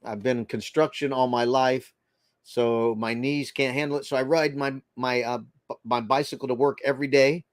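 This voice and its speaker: A man's voice: medium pitch, steady tone, moderate pace, no echo. A man from the Boston area with a slight Boston accent, hosting a casual live stream and greeting viewers by name, with a rambling, filler-heavy way of talking.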